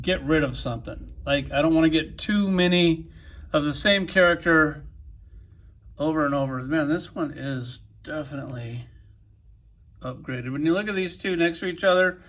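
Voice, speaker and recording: Sweary sarcastic guy reviewing action figures, pretty high voice, loose rambling rant. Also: fairly bright tone. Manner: profane, sarcastic storytelling; riffs with acted-out quotes. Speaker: toy reviewer. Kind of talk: casual vlog rant and review.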